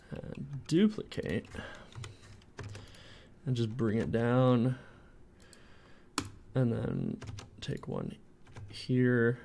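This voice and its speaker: A man's voice: on the low side, creaky, dark tone, a little hiss or hum. A man from Canada streaming his game development, muttering to himself in an exasperated, self-mocking way while he works at his computer. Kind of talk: livestream chat while 3D modeling.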